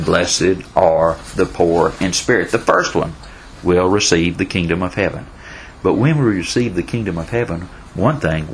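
A man's voice: low-pitched, a little hiss or hum, low-quality recording. A man teaching a Bible study class in a folksy way, repeating himself and answering questions from the class.

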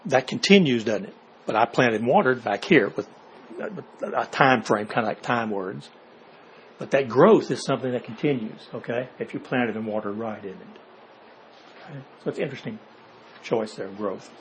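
A man leading an informal Bible study, reading verses aloud and explaining them in plain words. He keeps checking in with his listeners through quick rhetorical questions. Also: mid-range voice, a little hiss or hum, low-quality recording. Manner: asks rhetorical questions, checks in with "okay?" and "see?". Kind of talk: informal Bible class teaching.

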